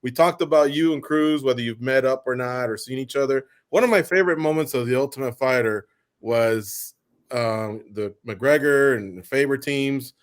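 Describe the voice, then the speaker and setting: A man's voice: mid-range voice, moderate pace. A male radio host with a mid-range voice talks in a chatty, easygoing way. He strings his questions out at length and rambles a little before getting to the point. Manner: chatty, long winding questions. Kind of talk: interview questions and wrap-up.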